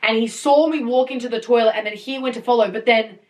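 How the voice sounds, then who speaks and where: Animated young woman telling a story. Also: on the high side, fast, distant mic. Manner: animated, laughing, swearing often. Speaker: podcast host. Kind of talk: casual storytelling. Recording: voice a bit off-mic.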